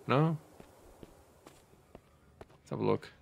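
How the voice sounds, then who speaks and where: A man playing a horror game on video, thinking out loud, startling easily and swearing when scared, then thanking viewers. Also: medium pitch, very slow, vocal fry. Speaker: let's play gamer.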